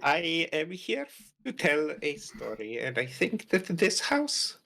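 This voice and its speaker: Gravelly storyteller type, super slow and solemn, kinda sharp tone. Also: male voice, fairly high pitch, huge pitch swings, full character voice. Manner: slow, deliberate, formal speech. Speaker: player character.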